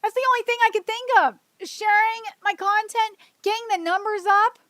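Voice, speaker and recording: A woman's voice: very high-pitched, normal speed, pushed and bright, no echo. A woman streaming alone, venting emotionally and with frustration, repeating herself and swearing. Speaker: streamer hosting her own show. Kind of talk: solo livestream venting.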